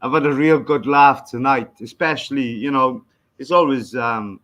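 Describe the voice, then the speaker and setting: A man hosting a casual chat, easygoing and quick to laugh. He hesitates on fillers as he talks at a mid pitch. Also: a bit bright.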